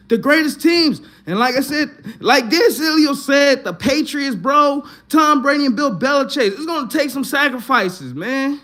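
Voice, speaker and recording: Guy with a high voice venting after a loss, cussing a lot and repeating himself, all worked up. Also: expressive, normal speed, few pauses, sharp tone. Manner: profane, repetitive, fired-up ranting. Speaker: Eagles fan. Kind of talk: casual venting monologue.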